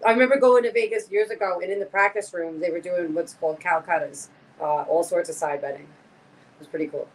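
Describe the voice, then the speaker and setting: Animated woman telling stories on a podcast. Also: lowish voice, fairly quick, rough recording. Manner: animated storyteller, acts out quotes, swears casually. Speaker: podcast co-host. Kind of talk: casual podcast chat.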